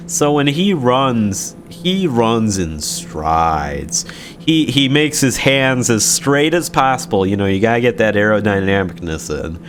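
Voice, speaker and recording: A man's voice: medium pitch, slight background noise. A young man casually telling a story from his school days, sarcastic, swearing freely and laughing often.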